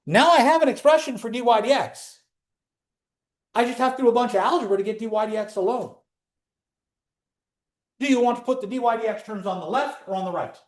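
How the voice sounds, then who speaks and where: Male lecturer, high voice, live classroom delivery, engaging and step-by-step. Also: moderate pace, long pauses. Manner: animated, talks students through steps with questions. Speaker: calculus lecturer.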